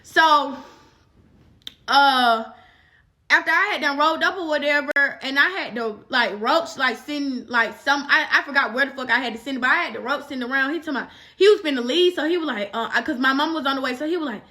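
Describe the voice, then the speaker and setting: A young woman with a high, bright voice tells a story on her vlog. She talks in a loose, profane way and keeps reaching for fillers. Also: brisk. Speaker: vlogger. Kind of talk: casual storytime.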